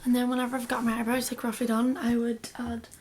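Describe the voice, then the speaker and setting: A woman's voice: fairly high pitch, completely flat delivery, fast, a little mellow, a little hiss or hum. A young woman giving a casual makeup tutorial, chatty and rambling, often dropping into a half-whisper. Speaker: beauty vlogger.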